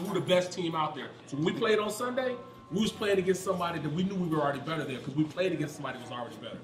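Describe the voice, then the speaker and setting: A man who is a former pro football player, telling stories in a casual sports chat and shouting out the lines of the people he quotes. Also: fairly high pitch. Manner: animated storyteller, yells quoted lines. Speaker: former NFL player, panelist. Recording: echoey room with crowd noise.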